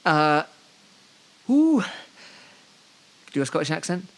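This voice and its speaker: A man's voice: on the high side, big pitch swings, takes it slowly. A man from Devon co-hosting a casual football podcast, rambling through the news with dry, joking asides. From Devon, England. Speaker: podcast co-host.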